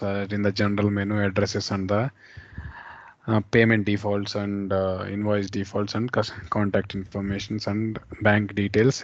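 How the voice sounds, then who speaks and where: A man teaching an accounting software class over a screen share, explaining step by step and repeating terms as he goes. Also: fairly low pitch, dull audio. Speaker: software instructor.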